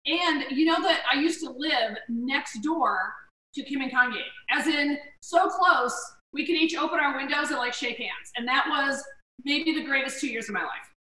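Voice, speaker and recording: Bright high-voiced woman telling stories, roomy. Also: normal speed, recorded from a distance, slight background noise. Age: middle-aged. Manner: animated storyteller who acts out quoted voices. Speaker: guest comedian. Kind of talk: casual storytelling chat. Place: home kitchen. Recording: roomy, from off the mic.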